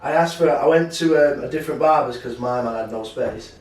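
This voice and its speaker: A man's voice: mid-range voice, brisk. A young man, co-hosting a podcast and telling stories in a casual, swearing, slangy way. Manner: swearing, animated storytelling slang. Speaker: podcast co-host. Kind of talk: casual chat. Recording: roomy, mic at a distance.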